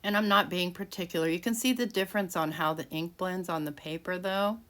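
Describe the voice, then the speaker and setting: A woman's voice: lowish voice, brisk, a bit bright. A woman talking casually as she walks through each step of making a handmade card, narrating what she does with frequent restarts. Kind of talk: casual crafting tutorial. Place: home craft room.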